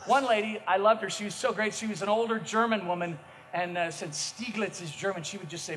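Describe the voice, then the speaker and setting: A middle-aged man preaching a sermon as a pastor, telling self-mocking stories with energy and bursts of shouting. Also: high voice, a little fast. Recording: echoey hall, faint noise.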